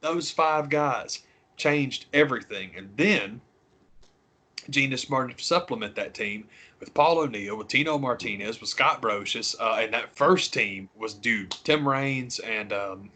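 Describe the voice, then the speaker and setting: A man's voice: measured pace, a little hiss or hum. A man co-hosting a podcast, talking casually and animatedly, swearing freely and sometimes mimicking people. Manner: animated, swears freely, mimics others in high squawky voices. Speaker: podcast co-host. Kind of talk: casual chat.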